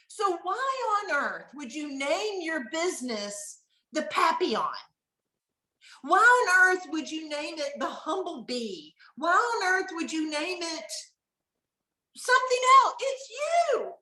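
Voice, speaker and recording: A middle-aged woman, teaching furniture finishing in a casual online mentoring session and telling stories with lively acted-out dialogue. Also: high-pitched. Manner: animated storyteller, acts out what people said. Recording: roomy echo.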